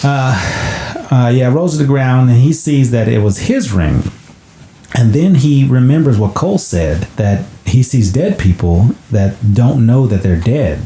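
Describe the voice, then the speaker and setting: A man's voice: medium pitch, lively intonation, unhurried, echoey room, noisy background. A man co-hosting a casual movie podcast, retelling scenes and acting out the characters' lines. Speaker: podcast co-host. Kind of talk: casual movie recap chat.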